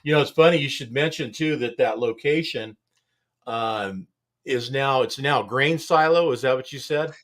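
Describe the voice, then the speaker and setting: Guy hosting a studio chat show, easygoing and rambly, laughs a lot, regular pitch. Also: normal speed, fairly bright tone. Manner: rambling, laid-back, chuckles often. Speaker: show host.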